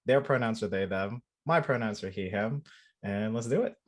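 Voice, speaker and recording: A man's voice: on the low side, moderate pace. A shy, self-deprecating man introducing himself as a player on a game livestream. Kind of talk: livestream chat.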